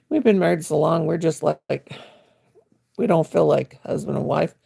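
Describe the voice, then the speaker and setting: An older woman talking casually to her livestream viewers from her armchair at home. Her voice is deep, gravelly and husky, with a dark, mellow tone. She chats in a folksy way and answers comments as they come in. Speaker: crochet livestream host. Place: at home, sitting in her chair.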